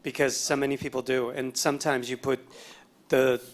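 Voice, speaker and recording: A man's voice: medium pitch, flat delivery, moderate pace. A man on a panel giving brief, matter-of-fact advice. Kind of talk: panel discussion.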